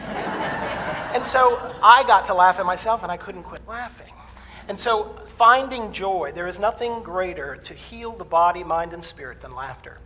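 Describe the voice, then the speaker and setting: A distant mic in an echoing church hall catches a man preaching, his high voice expressive, pushed and bright at a normal speed, with slight background noise. As minister, he keeps the sermon folksy and humorous, telling personal tales and doing voices.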